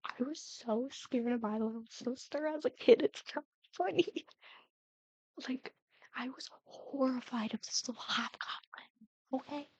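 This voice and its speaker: A woman's voice: high-pitched, a little slow, a little mellow, slightly rough, no room sound, rough recording. A young woman in her twenties telling family stories in a casual chat, often dropping into a whisper. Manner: chatty, often drops to a whisper. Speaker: Sims builder and storyteller. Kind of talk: casual storytelling over gameplay.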